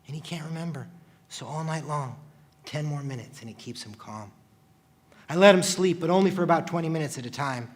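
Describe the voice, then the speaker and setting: A man, a firefighter, telling a personal story in the present tense, earnest and confessional, often dropping to a hushed voice. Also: fairly high pitch, lively intonation, normal speed.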